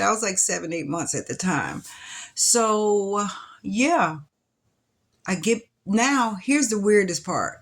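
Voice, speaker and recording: A young woman recounting her past in an interview, with a mid-range voice. She talks loosely and chattily, full of fillers and restarts. Her voice jumps higher whenever she quotes her younger self. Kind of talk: personal storytelling.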